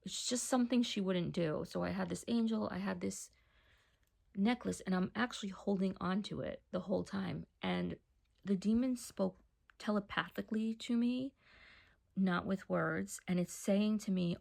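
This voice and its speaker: Woman with heavy vocal fry. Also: medium pitch, moderate pace. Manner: hushed, often dropping to a near whisper. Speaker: person giving a personal testimony. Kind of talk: casual first-person storytelling.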